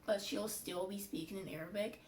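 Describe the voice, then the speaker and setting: A woman's voice: mid-range voice, fairly even intonation, brisk, a little mellow. A young woman vlogging in a candid, frustrated, chatty way about a bad job. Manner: candid, frustrated, lots of fillers. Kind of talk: casual venting monologue. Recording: roomy, distant, faint hiss.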